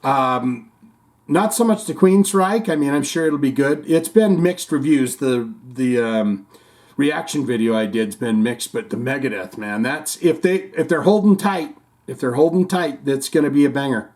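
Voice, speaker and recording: A man's voice: medium pitch, normal speed, a little mellow. A man hosting a casual chat show, reading out and answering viewer comments with rambling restarts. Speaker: host.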